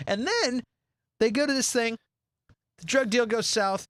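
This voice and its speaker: A man co-hosting a casual movie podcast, animated and laughing often, acting out lines from films. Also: very high voice, measured pace, no echo, studio quality. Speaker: podcast co-host. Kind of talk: casual chat about movies.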